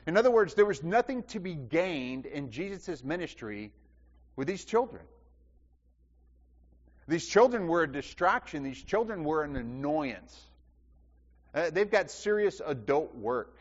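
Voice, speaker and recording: A man preaching a sermon, asking the congregation questions and repeating phrases for emphasis. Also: fairly high pitch. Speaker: pastor. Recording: dull sound with long hall reverb.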